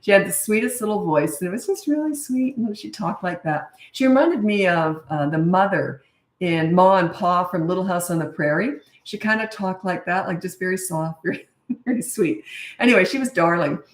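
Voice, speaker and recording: This time the parenting coach's voice is lowish, at a moderate pace, recorded from a distance in an echoey room with her off-mic. The middle-aged woman handles viewer questions in a live Q&A, talking frankly and bluntly in a chatty way with frequent restarts.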